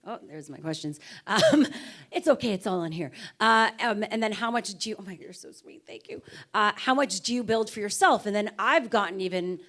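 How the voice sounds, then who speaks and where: A woman's voice: medium pitch, lively intonation, moderate pace, a bit bright. A woman moderating a panel in a chatty, laughing way, asking the guests questions. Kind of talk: casual panel talk.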